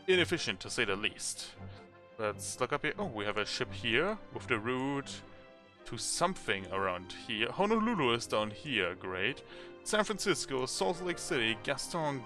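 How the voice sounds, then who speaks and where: A man plays a narrative game and talks it through, chatty and thinking aloud as he goes. His voice is bright and forceful, with animated swings in pitch. Faint game music plays underneath. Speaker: let's play host. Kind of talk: gameplay commentary and reading game text aloud.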